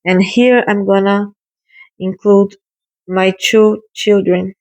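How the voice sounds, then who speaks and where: A woman talks a viewer through her watercolor work at an unhurried pace. Her pitch sits in an ordinary middle range. She sounds encouraging and chatty, thinking aloud as she paints. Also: level tone, darkish tone, poor audio. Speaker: watercolor artist hosting a painting video. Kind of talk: casual painting tutorial.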